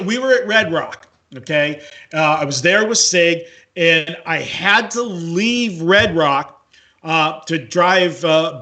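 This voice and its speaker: Higher bright-sounding guy, casual rambly storytelling on a horse racing show. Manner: rambling, filler-heavy storytelling. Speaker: co-host, horse racing handicapper. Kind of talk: casual chat.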